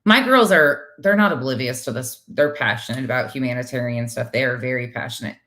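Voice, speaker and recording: A middle-aged woman co-hosting a casual livestream talk show, blunt, animated and quick to swear as she reads viewer comments. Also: very deep voice.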